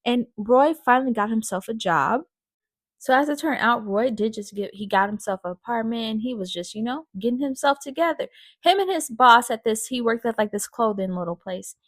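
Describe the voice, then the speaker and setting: A woman's voice: a little high, normal speed, fairly bright tone, no room sound. A woman host retelling a story in a chatty, casual way, with many fillers. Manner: chatty, full of fillers like "like" and "you know". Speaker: podcast host.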